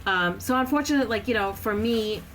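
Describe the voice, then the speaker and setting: A woman's voice: fairly high pitch, fast talker, a bit bright, a little hiss or hum, poor audio. A woman in her thirties, a podcast guest chatting casually with lots of fillers and frequent laughter.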